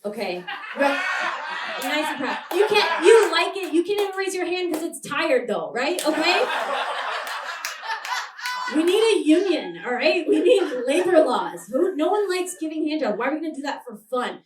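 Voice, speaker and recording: A brash young woman doing stand-up on a handheld mic, her voice sitting a little high for a woman. She rambles and laughs through her lines. The sound is roomy and heard from some distance off. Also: big pitch swings, moderate pace, background noise. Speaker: stand-up comedian. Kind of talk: stand-up comedy set. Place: live comedy show in a small venue. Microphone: handheld stage mic.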